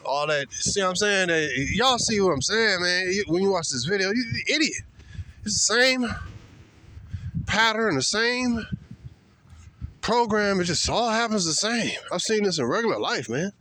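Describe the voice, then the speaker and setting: A man's voice: high-pitched, expressive, moderate pace, pushed and bright, a little hiss or hum. A man giving a blunt, slangy, scornful ranting commentary. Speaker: commentary vlogger.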